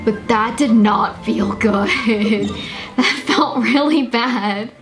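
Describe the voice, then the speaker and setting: A young woman giving casual commentary while playing a video game, excitable and swearing, gasping and squealing when her characters are in danger. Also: a little high, very slow. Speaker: gaming streamer. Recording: game music playing behind.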